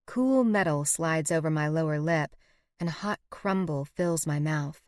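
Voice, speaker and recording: Woman reading a romance audiobook, lowish voice, dry close mic, calm even telling. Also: a little slow, no echo. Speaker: audiobook narrator. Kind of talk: scripted first-person narration.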